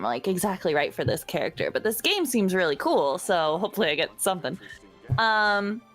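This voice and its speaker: A woman with a mid-range voice chats casually as a guest voice actress. She giggles often and rushes through some phrases in quick bursts. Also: medium pitch, sing-song, a bit bright, soft background music. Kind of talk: casual chat.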